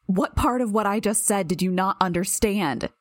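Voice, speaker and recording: In an audiobook reading, a woman voices an anguished, bitter young woman who is injured and cornered, trembling with self-pity before lashing out in anger. Her own voice is mid-range and close to everyday speech, at normal speed with clean studio sound and no room sound.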